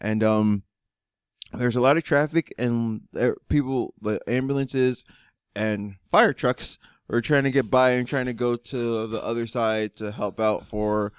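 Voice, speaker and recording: A young man co-hosting a podcast, telling a road trip story with lively acted-out quotes. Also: medium pitch, a little slow, clean tone, no room sound, studio quality. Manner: animated storyteller, acts out quotes. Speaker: podcast co-host. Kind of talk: casual chat.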